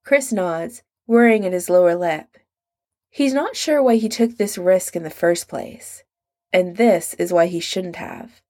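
A woman narrating a story in a measured storytelling manner. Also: fairly low pitch, darkish tone. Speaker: audiobook narrator. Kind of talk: scripted narration.

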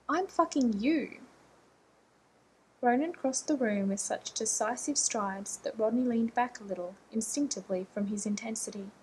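A woman reading a romance novel aloud in a steady, measured narration. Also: mid-range voice, a little hiss or hum, rough recording. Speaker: audiobook narrator.

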